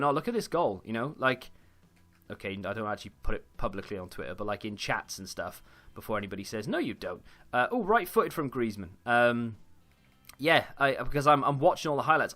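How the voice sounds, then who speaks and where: A man's voice: mid-range voice, a bit bright. A young man chatting casually while commentating his own football video game, rambling with frequent fillers and restarts. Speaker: gaming YouTuber.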